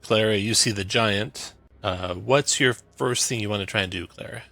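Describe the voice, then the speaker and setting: A man's voice: on the low side, moderate pace, vocal fry, bright, forceful tone, dry recording. A man running a tabletop game as game master, calling turns with easygoing fillers over a voice call.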